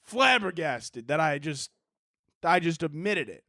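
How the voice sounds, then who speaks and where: Animated high-voiced podcast host. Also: male voice, measured pace, no room sound, clean studio sound. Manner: animated, profane, laughs often, acts out both sides of a story. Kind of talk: casual solo podcast storytelling.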